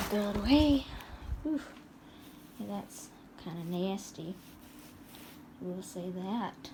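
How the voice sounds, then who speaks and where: A woman's voice: mid-range voice, expressive, slow, pauses often, very noisy. A woman giving a casual home product review, chatty and rambling with lots of fillers, speaking indoors at home.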